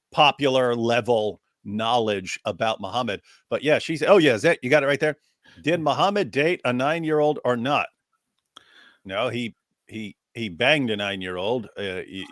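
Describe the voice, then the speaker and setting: A man's voice: mid-range voice, no echo, studio quality. A man co-hosting a live reaction stream, talking casually and jokily with frequent restarts. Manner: casual, joking, lots of restarts. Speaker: co-host.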